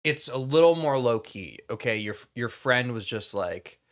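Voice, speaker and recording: A man's voice: mid-range voice, animated, normal speed. A man rambling to camera in a mock-pompous voice, full of asides and restarts. Now and then he bursts into overwrought acting bits before sliding back into chatty lecturing. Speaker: comedy YouTuber. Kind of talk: satirical monologue to camera.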